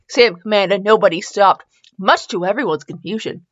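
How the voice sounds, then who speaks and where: A woman's voice: mid-range voice, brisk. A woman hosting a comedic reading of fanfiction, switching between dramatic narration and incredulous commentary. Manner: animated, breaks into laughter and mock outrage. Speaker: host reading fanfiction aloud. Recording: dull lo-fi dry recording.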